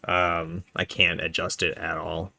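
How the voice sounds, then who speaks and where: A man's voice: low voice, completely flat delivery, measured pace, vocal fry, sharp tone, no echo. A young man co-hosting a casual podcast, joking and laughing often. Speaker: podcast co-host.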